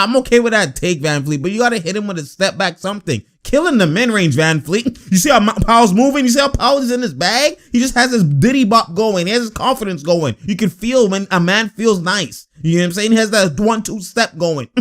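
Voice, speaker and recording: A young man giving casual, excitable reaction commentary over basketball footage, laughing often and calling out to the players on screen. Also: high voice, a little fast.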